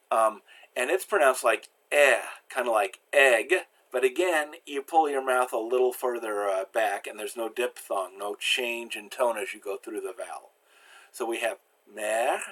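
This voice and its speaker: A man giving a slow, patient pronunciation lesson, with frequent fillers and restarts. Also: medium pitch, a bit bright, slightly rough. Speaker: language teacher.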